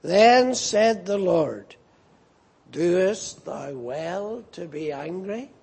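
A man preaching a sermon as a minister, moving between emphatic rises and quiet, drawn-out questions. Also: high voice, expressive, vocal fry, breathy edge.

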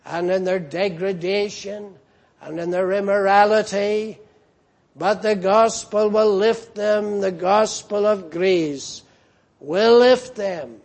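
A man preaching a sermon in a slow, measured way, rising in emphasis on key phrases. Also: high-pitched, a little mellow.

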